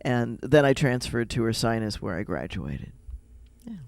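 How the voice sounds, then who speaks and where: A man's voice: mid-range voice, sing-song, moderate pace, vocal fry, no echo. A man with a Midwestern American accent, chatting casually on a radio show and rambling through personal stories. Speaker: rabbi, radio guest.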